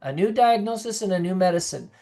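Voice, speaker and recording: A woman's voice: mid-range voice, lively intonation, a little fast, dark tone. A woman nurse practitioner giving an earnest, conversational online presentation to caregivers over a video call, sometimes acting out the voices of the people she quotes.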